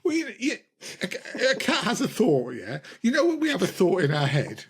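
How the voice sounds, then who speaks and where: A man's voice: high-pitched, wildly swooping pitch, normal speed, breathy edge. A man co-hosting a casual pub-style podcast chat, rambling and joking at himself. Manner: rambling, jokey, self-mocking. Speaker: podcast co-host.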